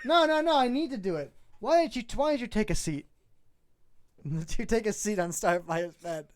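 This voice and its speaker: A woman's voice: medium pitch, animated, normal speed. A woman reading fan fiction aloud and bantering crudely with a friend, often laughing. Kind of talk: casual comedic reading and banter.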